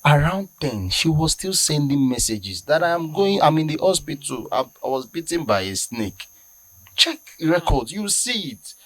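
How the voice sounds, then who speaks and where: A man's voice: fairly high pitch, very animated, moderate pace, dry recording. Indignant Nigerian man, emphatic studio panelist. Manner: indignant, emphatic, rising to loud outbursts. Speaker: talk show panelist. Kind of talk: heated studio discussion.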